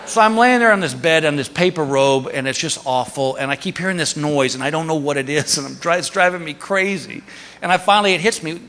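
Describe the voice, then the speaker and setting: A man's voice: on the high side, fairly quick, a little hiss or hum. A middle-aged man doing stand-up, telling a story and acting out the people in it. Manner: animated, acts out the people in his stories. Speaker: stand-up comedian. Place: theater stage before a crowd. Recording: live stage show in a big hall. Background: audience laughter.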